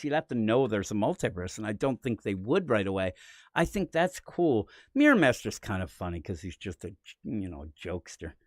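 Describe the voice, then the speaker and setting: Animated, lively man reviewing comics. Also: medium pitch, dry recording, studio quality. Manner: animated, rambling, quick to laugh. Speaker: podcast co-host. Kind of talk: casual comic review chat.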